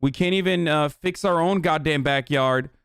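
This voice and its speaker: A man's voice: a little high, normal speed, fairly bright tone, smooth, dry recording, clean studio sound. A man in his thirties, a streamer giving heated, sarcastic political commentary, swearing often. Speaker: streamer reacting to a news clip.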